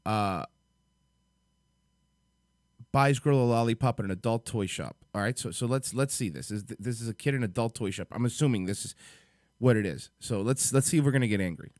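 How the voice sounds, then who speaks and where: A man's voice: medium pitch, a little fast, darkish tone, no room sound, studio quality. A man hosting a livestream, reacting to clips in rambling, chatty commentary. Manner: rambling, chatty, thinks aloud. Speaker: host.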